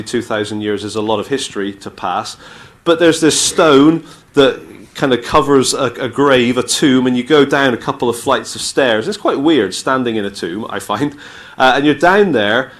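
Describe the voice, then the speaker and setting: A man's voice: medium pitch, fairly bright tone. A man with a British accent giving an informal, chatty Bible talk to students, telling the story with asides and acted-out dialogue. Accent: British English. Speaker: speaker at a student Christian talk.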